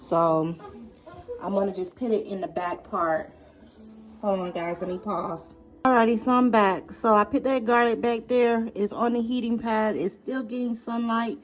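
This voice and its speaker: A woman talking casually to her phone camera while tending seedlings indoors, thinking aloud with lots of fillers and restarts. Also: mid-range voice. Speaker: gardening vlogger. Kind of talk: casual home gardening vlog.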